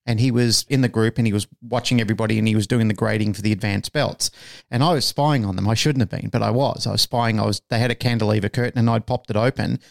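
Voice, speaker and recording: A man's voice: fairly low pitch, steady tone, fast talker, creaky. A man co-hosting a podcast, telling a story casually and animatedly, swearing freely and acting out the lines he quotes. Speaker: podcast co-host.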